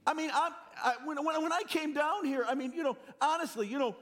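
A man in his sixties with a Northeastern US accent, preaching a sermon with animated, self-deprecating stories and frequent restarts. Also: very high voice, fairly quick. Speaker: pastor.

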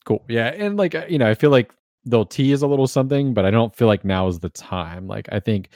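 A man's voice: mid-range voice, animated, fairly quick, a little mellow, dry recording, studio quality. A man hosting a casual podcast chat, talking in a loose, rambling way as he thinks aloud. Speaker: podcast host.

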